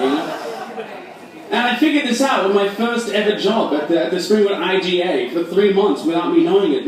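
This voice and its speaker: High-voiced young comedian, echoey hall. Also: male voice, a little mellow, distant mic. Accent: mixed Australian and American. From Australia. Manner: self-deprecating, quick asides, audience banter. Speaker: stand-up comedian. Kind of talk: stand-up comedy set. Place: large echoey hall at a fundraiser.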